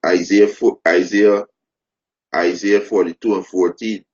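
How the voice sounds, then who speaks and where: A man preaching fervently, repeating phrases, restarting sentences and rising into loud emphasis. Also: sits low, fairly even intonation, unhurried. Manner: repetitive, stumbling restarts, rising to shouted emphasis. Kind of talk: impassioned preaching. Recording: dull lo-fi recording.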